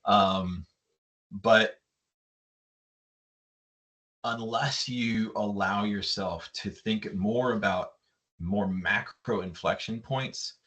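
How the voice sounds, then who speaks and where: A man's voice: on the low side, very slow, long pauses, a bit bright. A man, a yacht designer, talking reflectively as an interview guest and retelling a story at length. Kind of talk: conversational interview.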